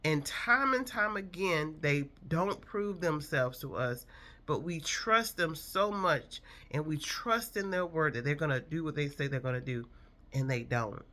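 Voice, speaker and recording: A woman's voice: low voice, expressive, a little slow, bright, forceful tone. A woman in her fifties telling a personal story from her past in an earnest, reflective, emotional way.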